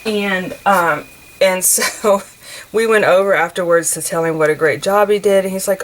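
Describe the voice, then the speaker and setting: A mid-range voice at normal speed belongs to an American craft vlogger in her forties, casually rambling while she works on a journal. Her talk is chatty, scattered with fillers and restarts, and the poor audio carries slight background noise.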